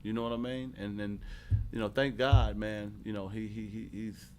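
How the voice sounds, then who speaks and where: A middle-aged man with a fairly low voice, relaxed and chatty as he recounts his playing days. He keeps it loose and casual, tossing in "man" every few words. A faint hum sits under the recording. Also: moderate pace. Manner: laid-back, loose and conversational, with lots of "man" and "you know what I mean". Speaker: guest, former pro basketball player turned coach. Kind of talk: casual storytelling interview.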